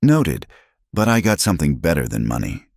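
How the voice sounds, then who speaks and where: A man's voice: rumbling low, sing-song, moderate pace, creaky, darkish tone, dry recording, clean studio sound, exaggerated voice. Man playing a brooding battered cowboy. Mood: determined. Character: battered, brooding male cowboy, steady and determined.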